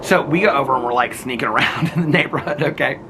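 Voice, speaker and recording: A man vlogging outdoors in his neighborhood with a handheld camera, telling animated, gossipy stories and laughing often. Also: mid-range voice, quick pace, background noise. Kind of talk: casual outdoor vlog chat.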